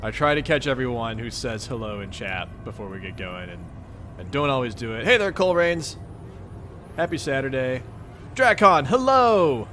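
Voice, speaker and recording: A man's voice: medium pitch, animated, moderate pace, a bit bright, a little hiss or hum. A young man with a Midwestern accent, hosting a livestream and greeting viewers in a playful, goofy, upbeat way. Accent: Midwestern American. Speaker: livestream host reading a webcomic.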